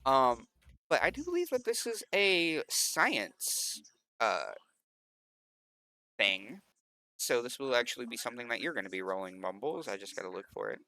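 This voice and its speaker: Man, game master narrating, hesitant, bright and crisp. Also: mid-range voice, sing-song, normal speed, pauses often, no room sound. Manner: hesitant, many filler ums.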